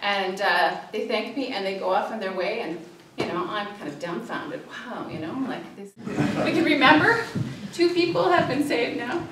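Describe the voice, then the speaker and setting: A woman who is a social worker gives a public talk with slides, telling a story and acting out cries for help, with many fillers and pauses. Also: fairly high pitch, sing-song, heavy background noise. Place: church hall. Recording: echoey hall, distant mic.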